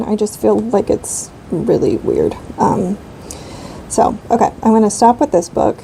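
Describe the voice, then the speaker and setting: A woman's voice: fairly high pitch, vocal fry, dark tone, slight background noise, rough recording. A woman in her thirties chatting casually while she colors, rambling with lots of fillers. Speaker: coloring channel host.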